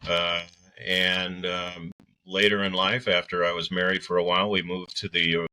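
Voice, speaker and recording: Deep-voiced older man, bright tone. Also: normal speed. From Belleville, Illinois area. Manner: relaxed storyteller with fillers. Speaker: guest, arena PA announcer. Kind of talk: casual interview chat.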